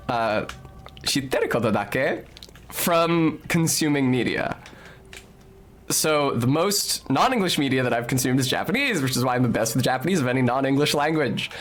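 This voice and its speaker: A man's voice: a little high, a bit bright. Rambling, foul-mouthed male game streamer. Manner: rambling, joking and profane, with frequent fillers. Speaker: game streamer talking to chat. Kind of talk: casual live-stream chatter while playing.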